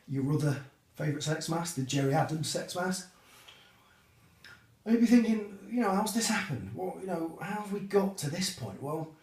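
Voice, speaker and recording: Male, mid-pitched, deadpan teasing prank message, slow comic pauses, roomy echo. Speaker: coworker leaving a prank message. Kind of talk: mock-sincere comic video message.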